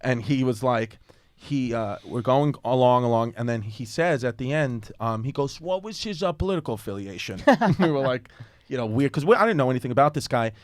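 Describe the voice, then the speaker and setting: A man's voice: medium pitch, normal speed, dry recording. A man, telling a long profane story on a podcast and acting out what people said. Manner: profane rambling anecdote with acted-out quotes. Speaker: guest comedian. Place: podcast studio.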